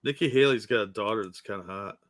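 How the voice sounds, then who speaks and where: A man co-hosting a casual reaction show, adding relaxed, joking asides. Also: on the low side, fast, crowd noise. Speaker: co-host reacting to a debate.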